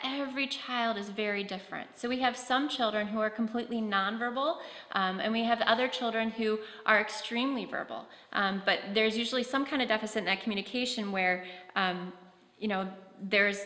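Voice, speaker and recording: Female conference speaker, casual explainer tone with fillers; bright voice in a reverberant hall. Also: medium pitch. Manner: conversational with many fillers and restarts. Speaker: presenter on autism. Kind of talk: conference talk. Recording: echoey hall with long reverb.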